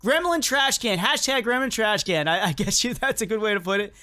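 Excitable chatty gaming commentator. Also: a little fast. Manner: excitable and chatty, talks to game characters; jokey, laughs often, swings pitch up and down. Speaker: gaming video creator. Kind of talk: casual gameplay commentary.

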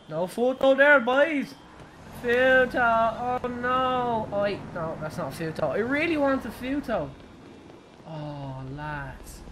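A young Irish woman giving excitable, giggly live commentary while playing a driving game, shrieking at her crashes. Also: medium pitch, background noise. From Ireland. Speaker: game streamer. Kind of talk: live gaming stream commentary.

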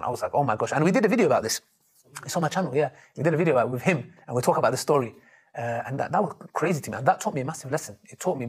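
A man, a street preacher answering interview questions and telling stories with animated quoted voices. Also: a little high, husky. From Turkey.

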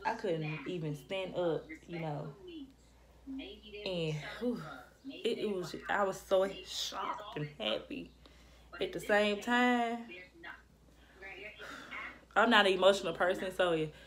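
A woman's voice: mid-range voice, slow, pauses often, a crowd in the background. A young woman chatting casually to camera as a vlogger, rambling and restarting often, and slightly out of breath.

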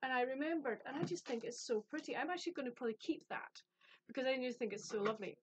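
A woman's voice: high-pitched, lively intonation, fast, breathy edge, no echo, rough recording. A woman from the UK chatting casually about a book she received, rambling and self-deprecating. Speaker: book vlogger. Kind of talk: casual chat.

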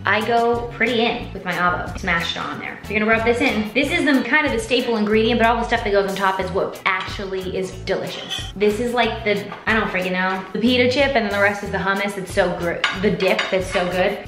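A woman vlogger chatting playfully through a cooking demo, bubbly and full of slang, at home in her kitchen. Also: medium pitch. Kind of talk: casual cooking demo chat. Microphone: vlog camera. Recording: roomy kitchen echo, faint music.

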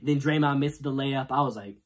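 Husky man ranting after a game. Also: medium pitch, a little fast. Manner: irritated, ranting, swinging from loud outbursts to muttering. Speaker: sports video host. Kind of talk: casual post-game rant.

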